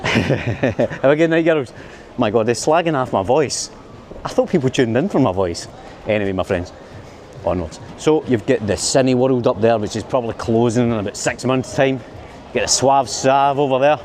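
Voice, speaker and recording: A Scottish man talks to his handheld camera as he walks a city street at night. He is chatty, friendly and quick to poke fun at himself. His pitch sits in an ordinary middle range, with faint street noise under his voice. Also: darkish tone. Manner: chatty, self-mocking, friendly. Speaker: vlogger. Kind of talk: walking-tour vlog narration. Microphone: handheld camera mic.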